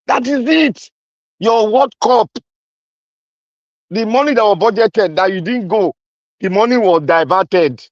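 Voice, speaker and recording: A man's voice: high voice, expressive, unhurried, pauses often, no room sound, highs cut off. A Nigerian man delivering an impassioned, accusatory political rant, repeating his points with heat. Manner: fiery, accusatory, repetitive. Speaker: commentator.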